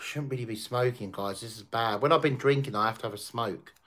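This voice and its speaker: Reading out viewer comments and laughing frequently, a livestream host chats casually with his audience. He speaks briskly at medium pitch with a fairly bright tone.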